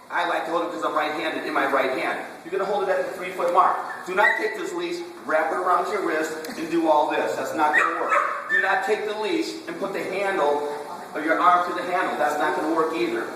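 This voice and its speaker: A man with a slightly high voice runs a puppy class, firing quick questions and repeating commands like a drill. He is heard from far across a large hall with long, ringing echo and steady room noise. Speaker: dog trainer. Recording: echoey hall, distant camera, room noise.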